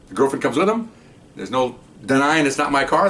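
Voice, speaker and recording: A man's voice: sing-song, brisk, a bit bright. An older man, a retired police officer, telling a story in a rambling, casual way and often adding "okay?". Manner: rambling, tags remarks with "okay?". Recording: distant mic, faint rumble.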